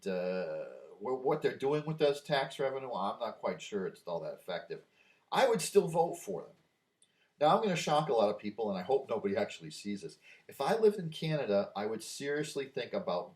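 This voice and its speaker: A man's voice: on the low side, very animated, brisk, a little mellow. An older man vlogging a rambling opinion monologue, drifting off on asides and growing emphatic when he argues a point. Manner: easily distracted, wandering asides.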